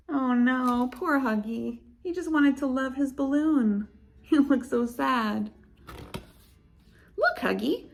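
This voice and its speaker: A woman librarian reading picture books aloud to young children, playful and expressive, with sound effects and little laughs. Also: on the high side, gravelly. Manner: speaks slowly and coaxingly to young listeners.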